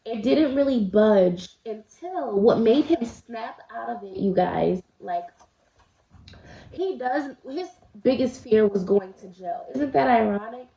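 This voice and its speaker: A woman's voice: fairly high pitch, animated, slow pace, creaky, noisy background. A woman vlogger telling a personal story in a casual, confiding way, talking straight to her viewers while eating. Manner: chatty, confiding, addresses viewers directly. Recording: roomy, slightly dull home recording.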